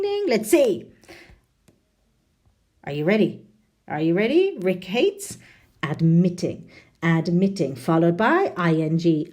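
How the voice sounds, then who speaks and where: Woman teacher, animated grammar lesson, tag questions throughout, voice rising and falling widely. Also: medium pitch. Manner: lively and chatty, checking in with frequent "no?" tags. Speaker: English teacher.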